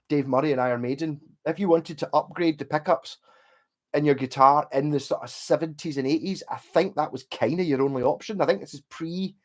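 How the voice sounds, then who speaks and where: A Scottish man hosting a casual live stream from home, chatting in a rambling way and swearing now and then. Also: on the high side. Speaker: livestream host. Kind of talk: casual livestream chat.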